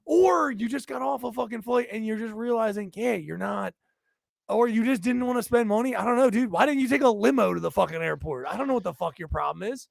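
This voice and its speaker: A man with a high, gravelly voice trades profane jabs with his co-host in casual podcast chatter. He scolds and mocks in turn. The mic is close and the sound is dry, with no room echo. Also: lively intonation, a little fast. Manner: teasing, profane, mock-scolding.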